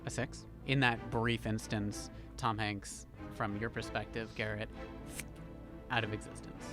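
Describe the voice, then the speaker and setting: A man with a lowish voice narrates a tabletop game as its game master. His descriptions are calm and steady. Soft background music plays beneath him. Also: measured pace.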